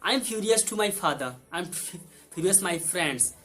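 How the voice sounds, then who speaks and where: A man whose first language is Hindi teaches English vocabulary, repeating every word twice in simple, broken English. His high-sitting voice is animated and fairly bright at a moderate pace, with soft music in the background.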